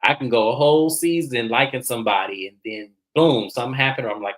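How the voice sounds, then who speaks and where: A man's voice: medium pitch, fast, poor audio. Man host, casual reality TV recap, chatty and dramatic, talks to viewers like friends.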